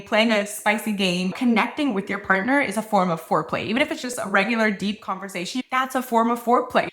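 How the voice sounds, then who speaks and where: A young adult woman hosting a podcast, giving frank, slangy advice and telling animated stories in a casual monologue. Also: a little high. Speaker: podcast host.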